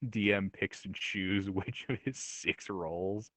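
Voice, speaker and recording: A man with a low-pitched voice running an online tabletop game as dungeon master. He talks casually and laughs easily. His voice sounds close and dry. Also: takes it slowly, fairly bright tone, no room sound.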